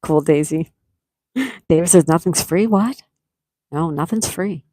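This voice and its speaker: Unhurried and low-pitched, this livestream host has a dark tone and a Buffalo, New York accent. She chats casually, reading out viewers' comments before replying to them, in studio-quality audio with no room sound.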